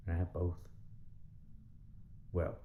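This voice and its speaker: A man's voice: deep voice, monotone, slow, reverberant, narrow, tinny audio, a little hiss or hum. A man talking in a casual monologue, rambling and swearing as he rants in frustration. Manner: rambling, profane, frustrated ranting. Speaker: vlogger.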